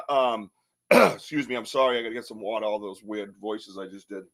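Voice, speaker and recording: A man's voice: lowish voice, lively intonation, moderate pace, a bit bright. A man hosting a live podcast, chatting casually in a rambling, joking way and laughing often. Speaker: podcast host.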